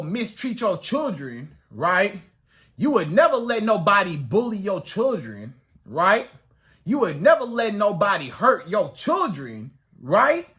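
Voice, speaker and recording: A man's voice: high voice, fairly bright tone. A man giving dating advice straight to the audience in an emphatic, repetitive way. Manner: emphatic, repetitive, acts out quoted women's voices. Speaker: dating coach. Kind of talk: direct-to-camera advice monologue.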